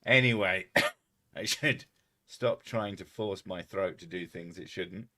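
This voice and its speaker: Low bright-toned English streamer, swearing. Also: male voice, takes it slowly. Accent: southern English. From England. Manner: swears freely, laughs often, rambling. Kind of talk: casual livestream chat.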